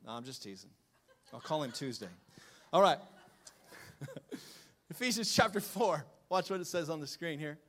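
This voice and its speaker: Male pastor, sermon delivery, high-pitched, teasing humor with emphatic outbursts. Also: big pitch swings, normal speed, pauses often. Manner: joking, swings from low asides to loud emphatic lines.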